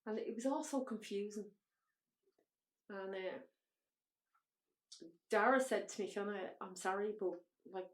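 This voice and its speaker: Recorded in an echoey room, an Irish woman with a gravelly, medium-pitched voice shares her personal story as a podcast interview guest. She is blunt, emotional, and swears openly.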